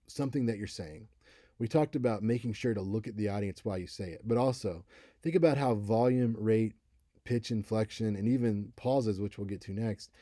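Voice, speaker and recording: This is a recorded lecture by a college instructor in his thirties, who discusses speaking in a conversational way and sometimes imitates voices as examples. His voice is lowish and mellow, with studio quality and no echo.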